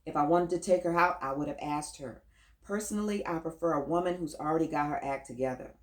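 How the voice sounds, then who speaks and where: A woman voicing a confident, flirtatious male doctor in his thirties in a self-assured, smooth way. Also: deep voice, fast talker, close to an everyday voice. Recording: roomy echo.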